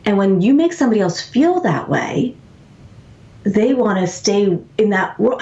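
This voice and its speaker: Gravelly-voiced woman telling stories. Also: mid-range voice, measured pace. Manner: animated, acts out quoted voices. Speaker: author and guest. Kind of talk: conversational interview storytelling. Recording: echoey, dull lo-fi sound.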